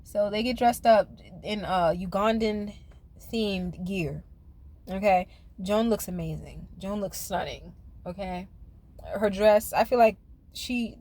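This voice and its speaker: A woman's voice: medium pitch, a little mellow. A woman reviewing a reality TV episode in a casual, sassy, chatty way, speaking straight to her viewers. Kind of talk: casual recap commentary.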